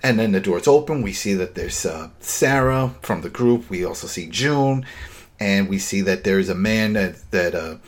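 A man hosting a casual talk show, retelling a TV episode in an animated way. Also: low voice, moderate pace. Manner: animated retelling, acts out quotes. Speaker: host.

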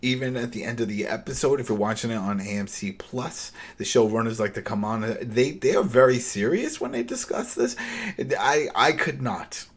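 A man co-hosting a podcast, recapping a TV episode in casual chat with animated storytelling and laughter. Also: medium pitch, normal speed, slightly rough.

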